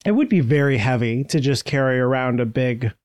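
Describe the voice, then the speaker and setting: A man's voice: mid-range voice, a little fast, a little mellow, smooth, dry recording, studio quality. Chatty man on a book podcast. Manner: chatty, laughs often, does silly voices. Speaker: podcast co-host. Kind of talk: casual book-club chat.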